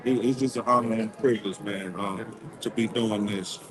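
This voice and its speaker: A man's voice: fairly low pitch, steady tone, moderate pace, crowd noise, poor audio. A man being interviewed as a community organizer, talking in an emphatic, preacher-like way and repeating his phrases. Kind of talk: impassioned street interview.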